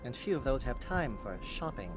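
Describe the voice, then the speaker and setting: A man's voice: medium pitch, big pitch swings, over music, close to an everyday voice. A man voicing a formal alien trader. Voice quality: measured, formal delivery. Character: polite male alien merchant, calm and formal. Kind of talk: video game dialogue.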